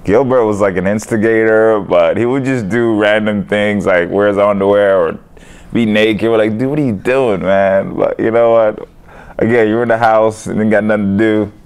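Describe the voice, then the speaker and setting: A young man with a very low, deep voice talks through an interview at an easy, unhurried clip. He is a fighter, and he rambles casually, dropping "you know" and "man" between thoughts. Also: fairly even intonation, smooth.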